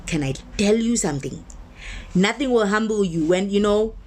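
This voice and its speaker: A woman minister giving a motivational sermon-style talk. She speaks conversationally and with emphasis, slowing down to stress key words and building her points through repetition. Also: medium pitch, lively intonation, slight background noise.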